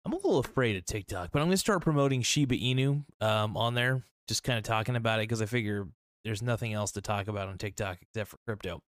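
A man talks loosely through his own podcast, full of ums and restarts. His voice is smooth and resonant at a middle pitch. The sound is close and dry, with no room around it. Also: quick pace, no echo. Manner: rambling, restarts and filler-heavy. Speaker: podcast host. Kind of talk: casual solo crypto podcast.

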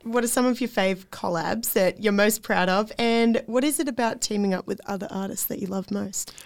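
A woman's voice: medium pitch, normal speed, gravelly, no room sound. A woman hosting a local music radio show, chatting with bubbly enthusiasm in a studio. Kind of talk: casual radio interview.

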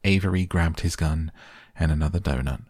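A man reading a children's novel aloud as a calm bedtime audiobook, with a gravelly, husky voice. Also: very deep voice, normal speed, dry recording, clean studio sound. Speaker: audiobook narrator.

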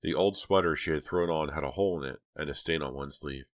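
Audiobook narrator, man, very low voice, close dry recording. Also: fast, no room sound. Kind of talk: scripted narration.

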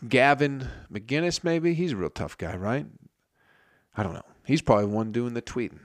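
A man's voice: medium pitch, lively intonation, moderate pace. A man telling a story in a casual comedic monologue, profane and rambling, often interrupting himself.

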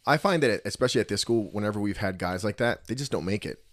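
A man's voice: lowish voice, animated, quick pace, a little hiss or hum. A man from New Jersey hosting a casual podcast chat, telling stories and swearing freely. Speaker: podcast host, gym owner.

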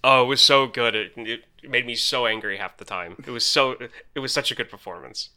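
A young man chatting on a podcast with a very bright, ringing tone and a smooth, crisp voice. He talks in an animated, joking way and laughs easily. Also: medium pitch, a little fast. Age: young adult. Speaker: podcast co-host. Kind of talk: casual chat.

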